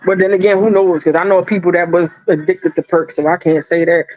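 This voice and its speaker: A woman's voice: fairly low pitch, level tone, brisk, no room sound, faint music behind. Profane laughing woman gossiping, lo-fi. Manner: profane, laughing, loud storytelling. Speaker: co-host gossiping. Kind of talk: casual gossip chat. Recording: dull lo-fi audio.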